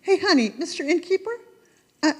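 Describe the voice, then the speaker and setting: A fretful, sleepless innkeeper played by a woman grumbles in a high, lively voice in an amateur church pageant. The sound carries a long echo through a church sanctuary. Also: brisk. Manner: fretful, complaining storytelling.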